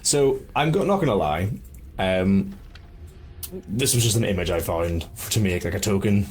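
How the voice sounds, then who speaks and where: A man's voice: sits low, lively intonation, normal speed, a little mellow, a little hiss or hum. A man narrating as game master for a tabletop game, rambling and self-deprecating.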